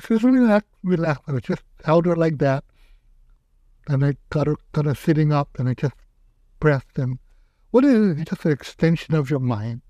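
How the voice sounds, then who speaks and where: A man's voice: a little high, no room sound, dull audio. An older man, an aikido teacher, telling stories in a casual interview and acting out what people said. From Hawaii. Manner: animated, acts out quotes in raised voice.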